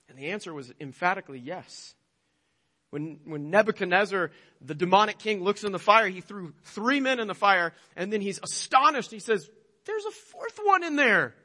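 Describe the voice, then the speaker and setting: A man's voice: sits high, sharp tone, long reverb tail. A male pastor preaching a sermon emphatically, with rhetorical questions.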